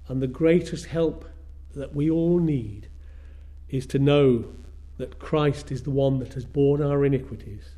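A man preaching a sermon in a measured way, repeating phrases for emphasis. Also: fairly high pitch, warm tone.

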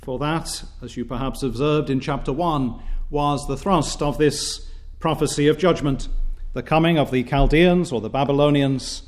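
A man preaching a sermon, reading scripture aloud and speaking in a measured, formal manner with frequent hesitations. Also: medium pitch, darkish tone.

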